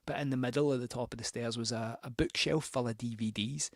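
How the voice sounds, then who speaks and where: A man's voice: mid-range voice, steady tone, brisk, dry recording, clean studio sound. A man hosting a record show, telling a rambling, sweary, self-mocking anecdote between records. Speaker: radio host spinning records.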